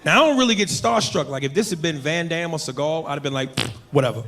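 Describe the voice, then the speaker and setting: Brash high-voiced man doing stand-up. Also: lively intonation, fast talker. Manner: loud, brash, bursts into shouted sound effects. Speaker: stand-up comedian. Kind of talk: stand-up comedy set. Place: comedy club stage with live audience. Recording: roomy live club sound with audience noise.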